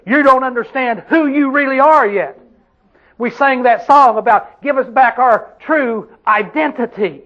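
A man's voice: very high-pitched, a little slow, fairly bright tone, highs cut off. A man preaching a sermon, emphatic, putting questions to his congregation and answering them himself.

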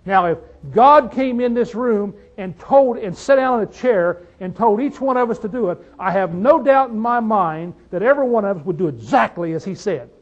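A man delivers a sermon in a high voice, leaning into each point and asking his listeners one rhetorical question after another. The recording sounds dull and lo-fi. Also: lively intonation, normal speed, hardly any pauses. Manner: emphatic, rhetorical questions to the audience. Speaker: preacher.

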